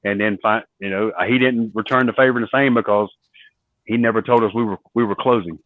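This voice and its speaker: A man's voice: fairly low pitch, steady tone, a little fast, no room sound. A man, a former wrestler telling stories in an interview and acting out the dialogue he quotes. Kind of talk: storytelling interview. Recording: dry, phone-like narrow sound.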